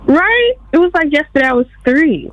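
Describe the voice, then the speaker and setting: A young woman in her twenties calling into a radio show, answering politely and calmly, addressing the host as sir. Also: high voice, no echo, lo-fi sound. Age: 20s. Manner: polite, measured, says "yes, sir". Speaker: caller. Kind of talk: casual call-in chat.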